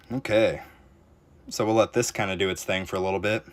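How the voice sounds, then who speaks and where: A young man with a fairly low voice live-streams a tower defense game. He thinks aloud, answers his chat and breaks into sudden exclamations when the run gets tense. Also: lively intonation, moderate pace. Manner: reactive, talks to chat while playing, frequent exclamations. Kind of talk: casual live-stream commentary.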